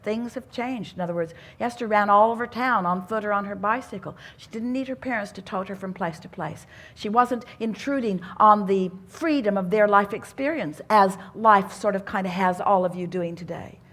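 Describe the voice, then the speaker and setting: A woman's voice: medium pitch, moderate pace, few pauses, fairly bright tone. A woman speaking to a live audience at a self-help seminar, teaching in an earnest tone with odd turns of phrase. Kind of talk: inspirational seminar talk.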